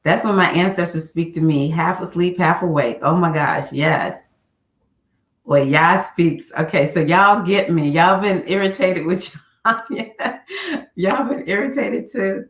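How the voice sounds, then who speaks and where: A woman spiritual coach chatting casually on a livestream, jumping into a high squeal when she acts out her own quotes. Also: a little slow. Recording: echoey room.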